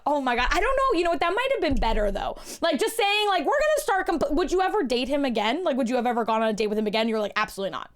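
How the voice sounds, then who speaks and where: A bubbly woman hosts a casual podcast, her voice high and swooping with lively, bouncing pitch. She laughs often and exclaims readily, keeping the chat light. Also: rapid-fire, few pauses. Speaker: podcast host.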